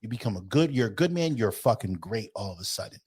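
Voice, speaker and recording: A man's voice: lowish voice, fast talker, slightly rough. A man co-hosting a podcast in casual chat, talking bluntly and animatedly with lots of swearing. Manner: blunt, profane, opinionated, animated. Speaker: podcast co-host.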